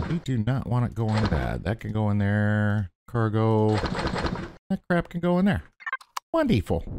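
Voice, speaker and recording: A man's voice: on the low side, noisy background. A man hosting a gaming channel, chatting casually through his gameplay and politely addressing the enemies he fights.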